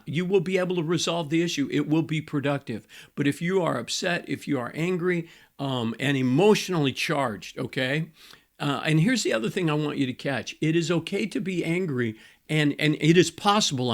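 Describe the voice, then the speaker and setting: An older man, a pastor and marriage coach, teaching couples in a conversational way, repeating key points with frequent fillers. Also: mid-range voice. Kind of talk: teaching to camera.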